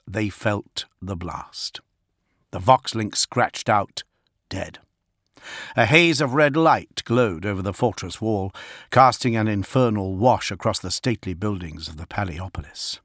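Male audiobook narrator, even measured read, dry close mic. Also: fairly low pitch, no room sound.

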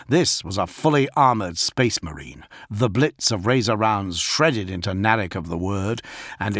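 A man narrating an audiobook in a steady, even storytelling manner. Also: lowish voice, no echo, studio quality. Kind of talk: scripted narration.

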